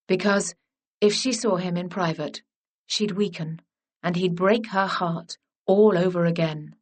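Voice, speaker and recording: A woman narrating a historical romance audiobook in a gentle, measured storytelling manner. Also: on the low side, fairly even intonation.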